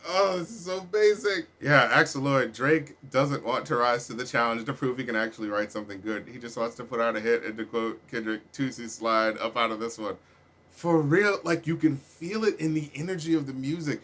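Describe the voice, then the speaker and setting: A man's voice: medium pitch, moderate pace, a bit bright. A man reviewing an album in casual commentary, ranting with lots of swearing and fillers. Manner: profane, exasperated ranting; heavy filler talk. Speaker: music critic.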